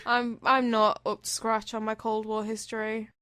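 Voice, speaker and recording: A woman's voice: fairly high pitch, flat delivery, moderate pace, a crowd in the background. A young woman co-hosting a casual podcast, rambling and chatty, swearing now and then. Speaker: podcast co-host. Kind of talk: casual chat.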